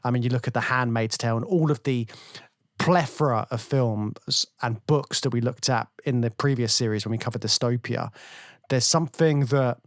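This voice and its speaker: A man talking about films in a casual podcast, his voice of ordinary pitch and recorded close and dry. He talks in an easy, even way and slips in the odd sarcastic aside. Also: normal speed, dry recording. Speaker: podcast co-host. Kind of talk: casual film discussion.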